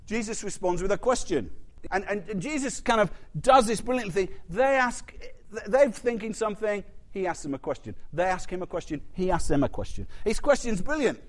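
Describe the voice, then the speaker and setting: A man preaching a sermon in an animated, conversational way, with asides and questions to the congregation. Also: on the high side.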